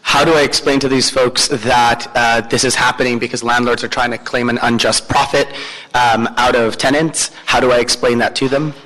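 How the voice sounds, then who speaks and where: A man's voice: medium pitch, fairly even intonation, fairly bright tone. Hesitant male interpreter, echoey chamber. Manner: hesitant, many filler pauses. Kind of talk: consecutive interpreting at a hearing. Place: city council chamber. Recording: long echo in a council chamber.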